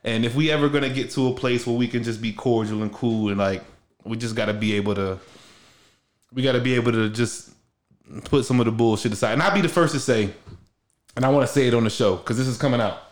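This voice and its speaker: A young man talks in a loose, slangy way, circling back and restarting his thoughts. His voice sits at a middle pitch. The room around him is echoey. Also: fast. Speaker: podcast host. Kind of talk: casual heartfelt conversation.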